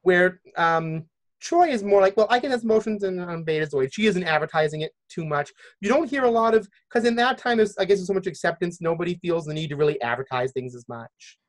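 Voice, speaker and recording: A man's voice: sits high, brisk. A man hosting a podcast in casual chat, thinking aloud and hedging as he goes. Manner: chatty, thinking aloud with hedges. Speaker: podcast host.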